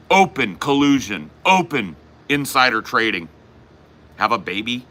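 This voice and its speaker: A man's voice: medium pitch, lively intonation, moderate pace, bright, forceful tone. A man on a podcast ranting in a casual, profane, angry monologue, saying he is fed up and mad. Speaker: podcast host.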